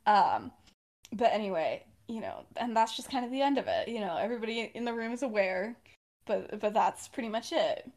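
A young woman with a fairly high voice chats through a fan-fiction story on her podcast. She talks casually, full of fillers and quick laughs. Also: expressive, a little mellow. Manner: chatty, laughs often, many fillers. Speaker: podcast co-host.

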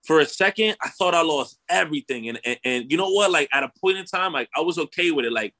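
Animated high-voiced storytelling man. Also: quick pace. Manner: animated, swearing, slangy, repeats "bro" and "right?". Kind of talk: casual storytelling chat.

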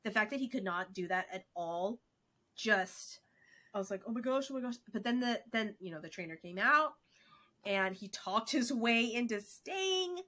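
Bright-voiced woman recapping baseball excitedly. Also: mid-range voice, measured pace. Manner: animated, excitable recaps with filler words. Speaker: podcast co-host. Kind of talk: casual sports chat.

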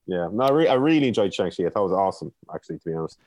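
A man's voice: sits low, big pitch swings, racing, a little mellow. A man co-hosting a casual film chat, enthusiastic, often asking "you know what I mean" and laughing. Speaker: podcast co-host reviewing films.

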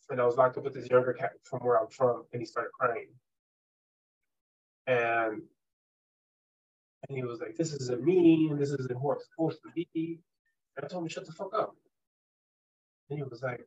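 A man's voice: mid-range voice, slightly rough, highs cut off. A man as a podcast guest telling candid stories, emphatic and swearing often, with frequent "right?" tags. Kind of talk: candid conversational storytelling.

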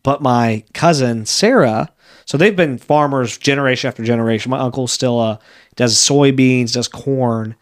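A man of medium pitch hosting a podcast interview. He chats loosely and rambles, often breaking off to restart his sentences. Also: moderate pace. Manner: chatty and rambling, with frequent restarts. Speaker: podcast host. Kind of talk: casual interview conversation.

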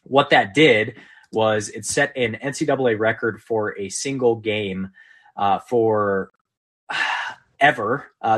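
A man hosting a casual sports podcast, recapping games with energy and quick laughs. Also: on the low side, a bit bright. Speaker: podcast host.

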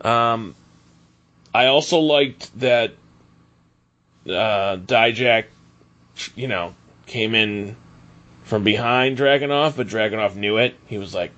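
A man co-hosting a podcast in casual chat, animated and laughing often. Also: fairly low pitch, takes it slowly, pauses often, highs cut off. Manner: animated, laughs often, quotes others in mock voices. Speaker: podcast co-host.

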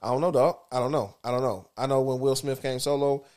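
A man with a Southern US accent co-hosting a casual podcast, profane and animated, acting out imagined quotes. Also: medium pitch, quick pace. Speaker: podcast co-host. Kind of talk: casual chat.

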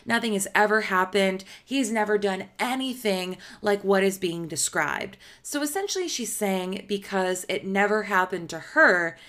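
A woman's voice: medium pitch, fairly bright tone. Woman podcaster from Illinois, casual gossipy recap voice, filler-heavy delivery. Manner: chatty, gossipy, with frequent filler words. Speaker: podcast host.

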